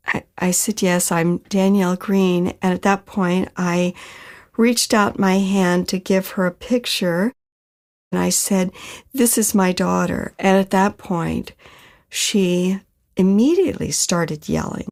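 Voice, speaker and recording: Slow, gravelly-voiced woman telling her story. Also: fairly low pitch, fairly even intonation, darkish tone. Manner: slow, measured telling with pauses. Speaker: storyteller recounting her own experience. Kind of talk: personal storytelling in a podcast.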